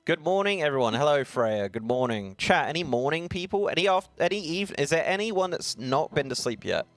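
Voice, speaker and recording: Australian stream co-host, young man, animated delivery with a gravelly edge, jokey. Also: fairly high pitch, brisk, faint music behind. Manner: playful, chatty, laughs often. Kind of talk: casual live-stream chat.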